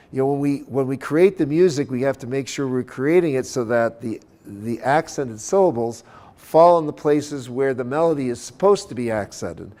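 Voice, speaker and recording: Male conference lecturer on sacred chant, explanatory, checks in with "okay?", mid-pitched voice. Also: a little mellow. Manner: sings short chant phrases as examples. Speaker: conference lecturer on church music. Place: conference center.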